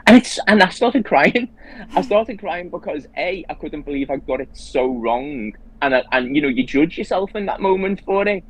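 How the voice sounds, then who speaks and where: A man's voice: fairly high pitch, animated, normal speed, a bit bright, poor audio. A man hosting a casual conversation who tells his story earnestly and with animation, restarting his sentences often. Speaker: host.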